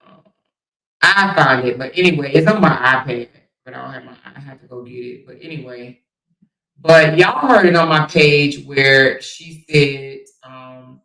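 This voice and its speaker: A woman's voice: extremely low pitch, unhurried, fairly bright tone, recorded from a distance. A woman hosting a casual commentary livestream, talking bluntly and profanely and firing rhetorical questions at her viewers. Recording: echoey room, voice somewhat off mic.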